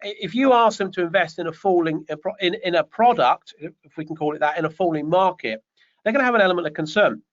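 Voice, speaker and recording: A man's voice: high voice, fast talker. A man, coaching property developers in an online question session, chatty and rambling with joking asides. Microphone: video call. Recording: dull lo-fi online call audio.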